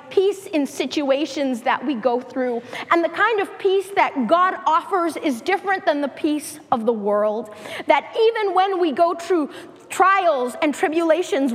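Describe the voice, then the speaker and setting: High, slow woman preaching in a hall. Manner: slow, emphatic preaching with repetition. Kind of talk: sermon.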